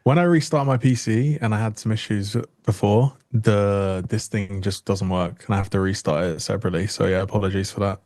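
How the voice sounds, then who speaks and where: A man's voice: fairly low pitch, fairly quick, hardly any pauses, a little mellow, no echo, clean studio sound. A man with a British accent, talking casually about his trades over earbuds on a call. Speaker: trader guest. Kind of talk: casual trading chat. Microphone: earbuds over a computer call.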